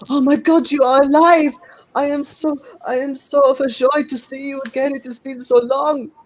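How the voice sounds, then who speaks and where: A man voicing a manic, overjoyed male patient with a thick put-on French accent. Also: moderate pace. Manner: shrieking with high excited joy.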